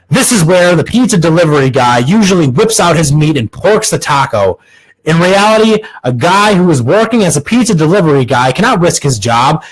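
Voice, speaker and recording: A man's voice: a little high, slightly rough, low-quality recording. A young man hosting a podcast, doing a crude, sarcastic comic monologue and restarting lines now and then. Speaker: podcast host.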